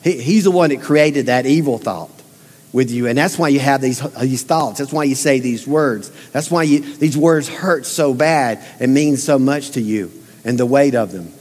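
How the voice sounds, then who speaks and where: A man's voice: medium pitch, moderate pace, darkish tone. A man preaching a sermon as pastor, folksy and emphatic, asking the congregation direct questions. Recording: long hall reverb.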